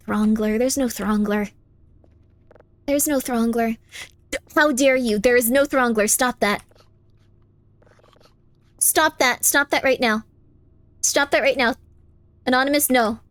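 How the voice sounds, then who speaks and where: A woman live streaming a game, chatting casually with her viewers in a playful, teasing way, insisting on things over and over and breaking into squeaky high protests. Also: a little slow, long pauses, no room sound. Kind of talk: casual live-stream chat while gaming.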